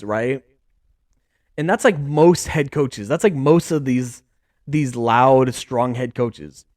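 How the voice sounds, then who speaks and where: Excitable young man, dry close sound. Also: mid-range voice, takes it slowly, dry recording. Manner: rambling, excited, lots of "like" and "dude". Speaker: podcast host. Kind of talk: casual sports chat.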